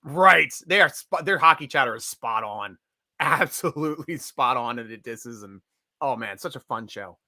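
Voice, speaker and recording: A man hosting a live fan stream, talking in an excitable, rambling way with frequent restarts. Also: mid-range voice, moderate pace, dry recording, studio quality. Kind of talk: excited casual fan commentary.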